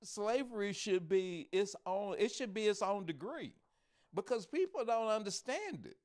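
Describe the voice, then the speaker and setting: Animated man with lively pitch. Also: moderate pace. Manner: animated storyteller, acts out characters. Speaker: podcast co-host. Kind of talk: casual podcast discussion.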